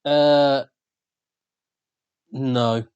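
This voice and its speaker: A man's voice: medium pitch, fairly even intonation, very slow, a little mellow, smooth, lo-fi sound. A man with a Birmingham accent co-hosting a podcast in casual, sweary banter. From England. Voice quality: sweary, laid-back banter. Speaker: podcast co-host. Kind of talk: casual chat.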